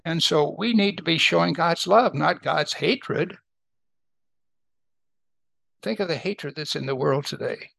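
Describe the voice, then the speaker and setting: An older man leads a Bible study in a chatty, conversational way and keeps checking that his listeners follow. His voice is gravelly and bright, a little above the usual pitch for a man. It is recorded close and dry. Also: a little slow, pauses often, no room sound. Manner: conversational, asks listeners to agree.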